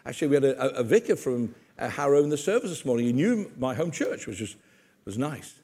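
A man's voice: medium pitch, big pitch swings, quick pace, mellow, husky. An older man preaching a sermon, acting out Bible scenes with humor and asides to the congregation.

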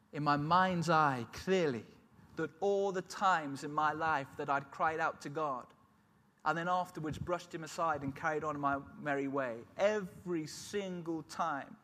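A man's voice: a little high, fairly bright tone. A middle-aged man giving an emotional personal testimony as a sermon, telling his story earnestly. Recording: long hall reverb.

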